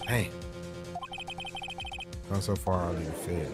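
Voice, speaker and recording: A man with a fairly low voice reads every character of a courtroom game aloud himself, and he breaks off into loose, joking commentary between the lines. Music plays clearly underneath his voice throughout. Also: fairly even intonation, slow pace, pauses often. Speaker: gaming YouTuber. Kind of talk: voicing game dialogue and commenting casually.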